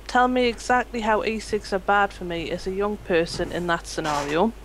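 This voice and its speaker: A woman's voice: mid-range voice, normal speed, rough recording. A woman with a mid-range voice works through live chat comments one by one, matter-of-fact with a touch of amusement. There is faint noise beneath her voice. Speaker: chat reader.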